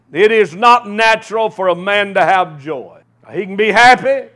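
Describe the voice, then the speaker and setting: A man preaching a sermon as pastor, swinging from loud emphatic calls to quiet storytelling. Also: sits high.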